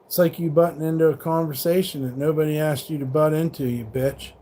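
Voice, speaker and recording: A middle-aged man livestreams from a truck stop, swearing freely as he goads trolls in his chat. His voice is dark and mellow with a flat, level pitch. A faint hum of background noise sits under the recording. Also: fairly quick. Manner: confrontational, profane, taunting chat trolls.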